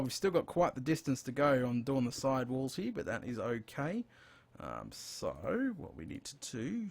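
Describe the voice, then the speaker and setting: An Australian man hosting a casual gaming live stream, chatty and rambling, with frequent exclamations as he plays. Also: medium pitch. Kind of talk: casual live-stream chat while playing.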